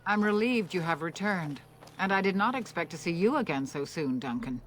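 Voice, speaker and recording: An actress playing a dignified, calm elder woman leading a clan in a game, speaking formally, with faint noise behind. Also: lowish voice, moderate pace, lightly acted. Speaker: game character.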